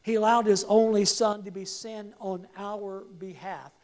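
Slow, emphatic woman preacher. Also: medium pitch, fairly even intonation, darkish tone. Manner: emphatic, repeats key phrases, leads the congregation in call-and-response. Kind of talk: sermon. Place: church service with projected slides.

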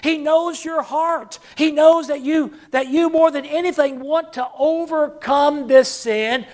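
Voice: high-pitched, a little slow, a little mellow. A preacher delivering a sermon, repeating key phrases for emphasis and calling on the congregation to say lines back and answer.

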